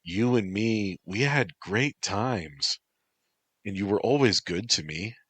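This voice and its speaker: A man voicing a sarcastic young man weighed down by guilt, speaking in a low, slow voice. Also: animated, slightly rough, dry recording, exaggerated voice. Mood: remorseful. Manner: sarcastic, quietly remorseful.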